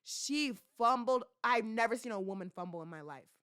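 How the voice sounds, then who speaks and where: A young woman hosting a casual commentary podcast, talking in slangy, animated bursts full of rhetorical questions and teasing. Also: fairly high pitch, moderate pace, smooth, dry recording, studio quality. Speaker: podcast host.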